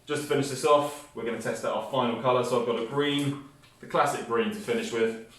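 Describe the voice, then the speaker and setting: A man's voice: mid-range voice, fairly even intonation, brisk, a bit bright. A man presenting a hands-on science experiment, explaining each step with enthusiasm. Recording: echoey room, mic at a distance.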